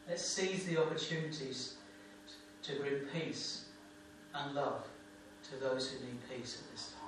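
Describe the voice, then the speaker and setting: A man preaching a sermon as a pastor, with an emphatic, repetitive cadence. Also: fairly high pitch. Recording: echoey room, distant mic, faint hum.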